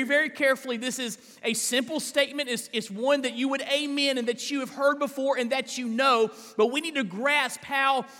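A male pastor preaching a live sermon in a church, emphatic, with big swings in pitch and drawn-out stressed words. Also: pushed and bright, long reverb tail. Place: large church sanctuary.

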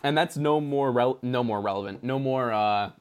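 A man's voice: mid-range voice, moderate pace, smooth. A young man in casual film discussion, joking, laughing often and searching for words. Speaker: film podcast co-host.

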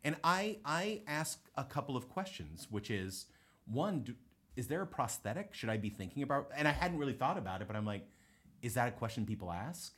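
A man in his forties, a guest on a comedy talk show, telling a story with animated delivery and acting out the people in it. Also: medium pitch, fairly quick. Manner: animated, acts out quoted people. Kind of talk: comic storytelling.

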